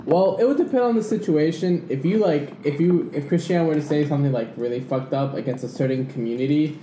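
A man's voice: on the high side, a little fast, mellow, reverberant, a little hiss or hum, poor audio. A young man guesting on a casual podcast, blunt and joking. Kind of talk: casual chat.

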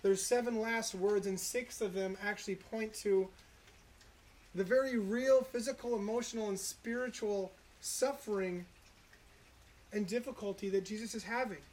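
A preacher giving an earnest, reflective sermon, citing scripture and slowing down to stress key moments. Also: mid-range voice, darkish tone. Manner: earnest, reflective, slows for emphasis.

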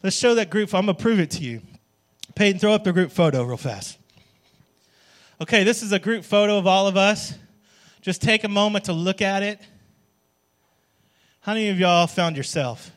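High-voiced man preaching a chatty sermon. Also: normal speed, long pauses. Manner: conversational, keeps asking "right?"; jokey, calls on the congregation. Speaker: worship pastor.

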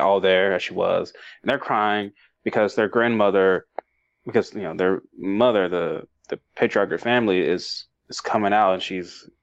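On a dull, dry, lo-fi recording without echo, a man with a voice on the low side co-hosts a laid-back movie review podcast. He rambles emotionally, laughs a lot, and keeps starting his sentences over.

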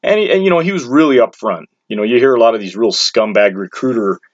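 A man's voice: mid-range voice, animated, fast talker, dry recording. A man casually telling a story about himself, blunt and crude, full of restarts and filler words. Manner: rambling and blunt, with crude slang and many restarts. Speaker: storyteller recounting his own experience. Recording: dull lo-fi, dry sound.

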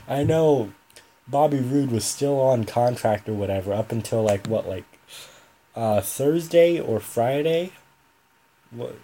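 This young man hosts a solo podcast in a warm, mid-range voice. He's chatty and rambles, frequently stopping to correct himself mid-sentence.

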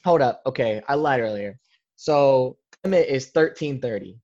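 A man's voice: medium pitch, unhurried, a little mellow, lo-fi sound. A young man, a podcast guest, telling a casual story in a rambling way, full of filler words. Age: young adult.

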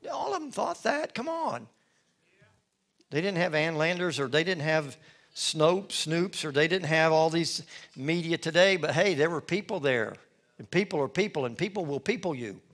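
A middle-aged male pastor preaching a sermon in an expressive storytelling manner. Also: on the high side, moderate pace. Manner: expressive, storytelling, acts out scenes. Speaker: lead pastor.

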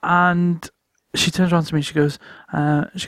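A man telling stories in casual podcast chat, animated and laughing often as he acts out what others said. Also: fairly high pitch, moderate pace, slight background noise. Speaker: returning podcast guest.

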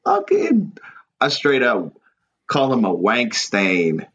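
A male podcast host trades crude, jokey banter, slipping into mock voices in casual comedic chat. His voice is fairly low and bright with lively intonation, and he takes it slowly. The sound is slightly muffled and lo-fi, with slight background noise.

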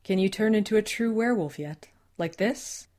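A woman's voice: mid-range voice, normal speed, a little mellow, voice pushed up, close to an everyday voice. A woman voicing a friendly, teasing young male coyote shapeshifter in an audiobook, cheerful and reassuring.

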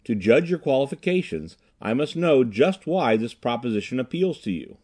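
A man reading an audiobook, voicing a brisk, self-assured inventor who talks with crisp urgency. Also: mid-range voice, big pitch swings, a little mellow. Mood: persuasive. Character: brisk, commanding older male inventor.

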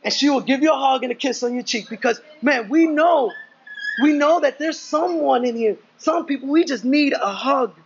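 A man's voice: very high voice, normal speed, dull audio, a little hiss or hum. A young adult man preaching a sermon in a casual, conversational way, telling stories with asides. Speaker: pastor.

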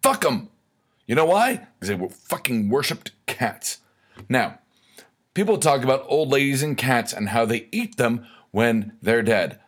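A man's voice: mid-range voice, expressive, measured pace. A man hosting a comedic rant monologue, sarcastic, profane and rambling. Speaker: host of a weekly rant segment.

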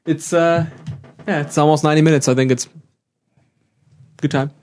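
A man's voice: fairly high pitch, steady tone, normal speed, darkish tone. A young man co-hosting a casual podcast, rambling with lots of fillers and restarts and laughing often. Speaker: podcast co-host. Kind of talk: casual chat.

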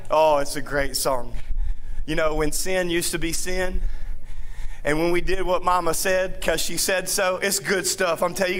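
A man's voice: sits high, a bit bright. A man in his thirties preaching a sermon in a playful, joking way, acting out quotes as he tells stories. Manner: playful, jokey storytelling with acted-out quotes.

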